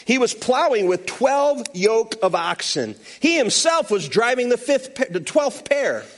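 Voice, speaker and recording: A man preaches a sermon in a high, bright voice, with a pitch that leaps all over the place. He tells the story playfully, throwing in humorous asides to the congregation. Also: very animated, a little slow. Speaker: pastor.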